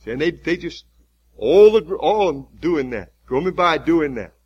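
Husky-voiced preacher on an old recording. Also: male voice, a little high, animated, a little mellow, highs cut off. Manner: halting, with repeated restarts and fillers, vivid retelling. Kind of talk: sermon.

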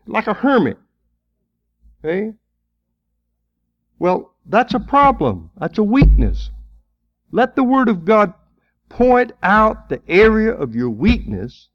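A man's voice: high-pitched, huge pitch swings, takes it slowly, pauses often, no room sound, dull audio. A man preaching a sermon in a folksy, conversational way, asking rhetorical questions and chuckling between points.

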